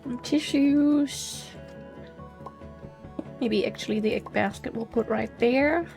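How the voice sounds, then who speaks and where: Hosting a casual let's play, a woman with a slight German accent thinks aloud in a musing, hesitant way. Her voice is a little high and darkish, and she takes it slowly over soft background music.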